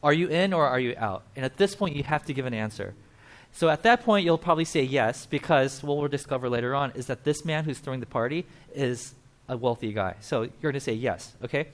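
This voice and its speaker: A man's voice: mid-range voice, brisk. A man preaching a casual, conversational sermon at a church, explaining with asides and acting out quotes. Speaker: pastor.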